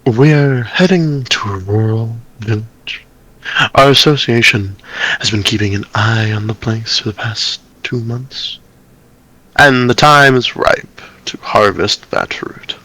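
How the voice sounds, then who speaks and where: A man's voice: mid-range voice, bright, forceful tone, slightly rough, full character voice, rough recording. A man playing a smug, whispery schemer. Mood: explaining. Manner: measured, whispery delivery. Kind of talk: amateur story reading with roles.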